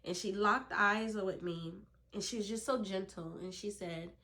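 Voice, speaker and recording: A woman's voice: medium pitch, fairly even intonation, moderate pace, bright, forceful tone. A woman telling her own birth story to camera, earnest and emphatic, speaking directly to other women.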